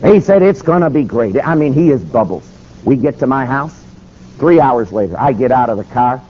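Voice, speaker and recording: A man speaks to a crowd in a lively storytelling sermon. His voice sits at a middle pitch. The recording is muffled, with a faint hiss underneath. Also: moderate pace. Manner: animated storyteller.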